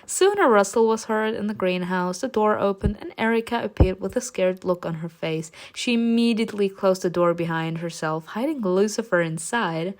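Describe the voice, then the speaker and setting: A woman with a medium-pitched voice reads a romance visual novel aloud at a moderate pace, with few pauses. Between passages she laughs and swears playfully at the story.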